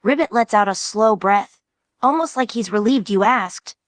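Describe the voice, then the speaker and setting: A woman's voice: medium pitch, normal speed, dry recording. A woman narrating a fan story in a casual storytelling way. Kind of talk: reading a fan story aloud.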